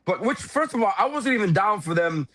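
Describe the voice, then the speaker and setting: A man's voice: high voice, very animated, a little fast, fairly bright tone, no echo. Ranting, profane male podcast co-host. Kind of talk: casual chat.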